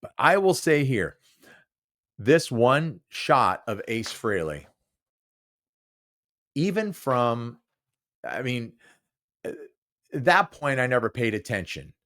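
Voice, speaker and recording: A man's voice: mid-range voice, big pitch swings, takes it slowly, pauses often, fairly bright tone. A man in his sixties hosting his own podcast alone, rambling casually with frequent chuckles and restarts. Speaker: podcast host. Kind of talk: casual solo podcast monologue.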